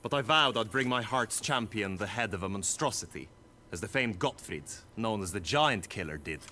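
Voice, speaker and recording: An actor playing an earnest young knight who speaks in formal, old-fashioned courtly phrases in a video game. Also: male voice, fairly low pitch, animated, normal speed, sharp tone. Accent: mixed British Isles-like accent. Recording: game audio with faint noise.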